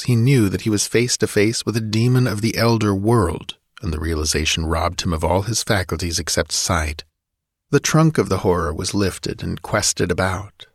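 A man narrating an audiobook in a measured, dramatic way. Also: low-pitched, dry recording, clean studio sound.

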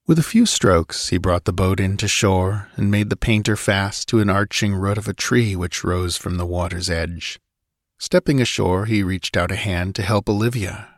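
A man narrates a pulp adventure story in a measured storytelling voice. His voice sits low. The recording is close and dry, with no room sound. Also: no room sound. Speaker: audiobook narrator. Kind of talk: scripted narration.

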